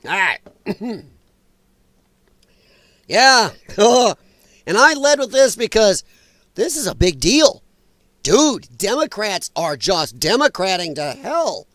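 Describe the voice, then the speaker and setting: A man's voice: sits high, sing-song, slow, pauses often, a bit bright, dry recording. A man hosting a casual political commentary livestream, chatty and sarcastic, laughing often, his voice a little strained. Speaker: livestream host. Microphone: own microphone.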